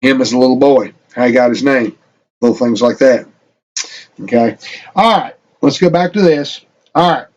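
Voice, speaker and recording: A man's voice: mid-range voice, moderate pace, pauses often, dull audio. A man streaming a casual lore talk on a tabletop game, rambling and often asking "okay?" as he reads passages aloud.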